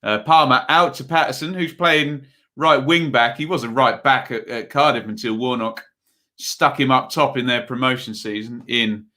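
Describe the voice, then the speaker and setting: A man runs a live football watch-along stream, calling the action in a loose, chatty way. His bright voice has an edge of force as he rambles between the play and viewers' messages. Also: medium pitch, moderate pace. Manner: casual play-by-play mixed with reading viewer messages; rambling and chatty, with frequent fillers.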